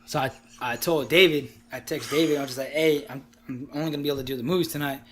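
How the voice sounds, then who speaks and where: A man's voice: fairly high pitch, steady tone, fast talker, fairly bright tone, a little hiss or hum. A young man co-hosting a podcast, telling a story in casual chat, acting out the quotes and laughing often. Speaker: podcast co-host.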